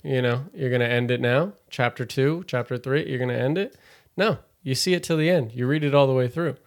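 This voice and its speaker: A young man with a gravelly, creaky edge to a mid-pitched voice, talking as a comedian on a podcast. He rambles, circles back and piles on fillers in relaxed conversation. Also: fairly quick. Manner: rambling, lots of fillers and restarts. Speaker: stand-up comedian, podcast guest.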